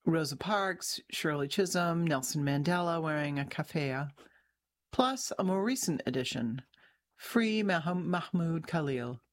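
A woman journalist reading her own article aloud in a measured, even way, with an occasional restart. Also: sits low. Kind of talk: scripted narration.

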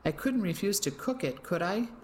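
The narrator voicing a frightened, defensive middle-aged village woman who pleads slowly in a raised voice. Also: lively intonation, darkish tone, a little hiss or hum, lightly acted. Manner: high, pleading and slow.

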